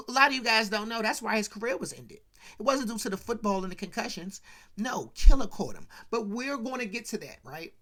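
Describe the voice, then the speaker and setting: Chatty man retelling a comedy sketch. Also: bright, forceful tone. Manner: chatty, asides to viewers, mimics quotes with pitch jumps. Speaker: podcast host.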